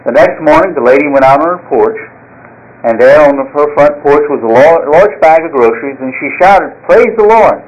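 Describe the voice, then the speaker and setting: A man's voice: fairly high pitch, normal speed. A man preaching a sermon as pastor, folksy and earnest, opening with a joke story. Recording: slightly dull lo-fi sound.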